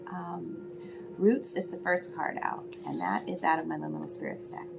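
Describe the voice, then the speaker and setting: A woman giving a spiritual tarot reading to her viewers, talking softly and emotionally, often half-whispering. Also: deep voice, big pitch swings, normal speed, gravelly, loud music behind the voice. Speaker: tarot reader.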